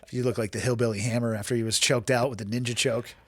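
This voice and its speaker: A man's voice: medium pitch, flat delivery, fast talker, no room sound, studio quality. A man in his forties hosting a podcast, talking bluntly and wryly with plenty of profanity in casual chat. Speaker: podcast host.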